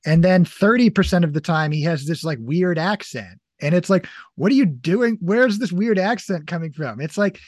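A man's voice: sits high, animated, moderate pace, few pauses, no room sound. A man hosting a movie podcast, chatting casually and rambling with lots of filler words. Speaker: podcast host. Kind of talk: casual movie review chat.

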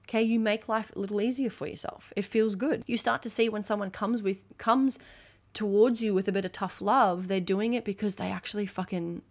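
A woman with a medium-pitched, steady voice hosts a motivational podcast by herself, speaking fairly quickly. Her delivery is emphatic and blunt, full of swearing, and she acts out quoted conversations.

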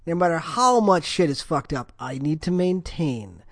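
A man in casual conversation who works in phone software support and talks expressively. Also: a little high, normal speed, dry recording, clean studio sound. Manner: expressive, lively, laughs easily. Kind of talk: casual chat.

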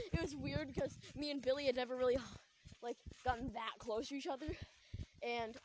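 A woman's voice: sits high, moderate pace, crowd noise. A young woman hosting a podcast, telling a story in a rambling, giggly way with lots of fillers. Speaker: podcast host. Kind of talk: casual storytelling.

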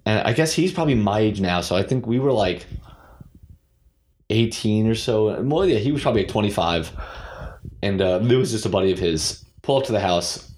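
Low-voiced man, blunt and candid. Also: expressive, normal speed, darkish tone. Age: late 20s. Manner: candid, swearing, lots of "like". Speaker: guest, CrossFit coach. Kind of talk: casual interview.

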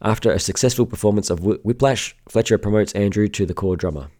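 A man's voice: fairly low pitch, fast talker, mellow. A man co-hosting a film podcast, reading a plot summary aloud with small stumbles. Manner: reads aloud with small stumbles and throat clearing. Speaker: podcast co-host.

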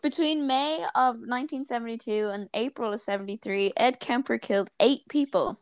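A woman hosting a podcast, telling true-crime stories in animated casual chat, laughing often and swearing freely. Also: on the high side, moderate pace, smooth. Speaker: podcast host.

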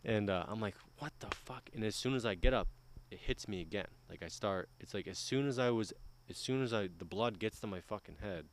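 Man, low voice, casual podcast chat, swearing a lot, rambling storyteller. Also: a little fast, few pauses, slight background noise.

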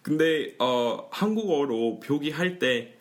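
A man's voice: on the high side, expressive, very fast. A man with an American accent hosting a bilingual podcast lesson, chatting easily and laughing often as he explains pronunciation. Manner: chatty, laughs often, switches between English and Korean. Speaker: podcast host and pronunciation teacher.

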